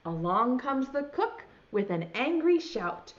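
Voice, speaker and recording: A woman's voice: sits high, very animated, takes it slowly, few pauses. A woman teaching preschool online, reading a storybook aloud in a sing-song voice and talking straight to young children. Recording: dull lo-fi sound.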